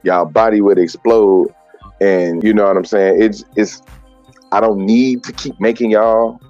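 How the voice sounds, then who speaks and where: A man's voice: on the low side, fairly even intonation, unhurried, dark tone, dry recording, lo-fi sound, soft background music. A man talking through a voice-changer filter, joking in mock-grandiose banter as a podcast co-host. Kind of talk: joking casual chat.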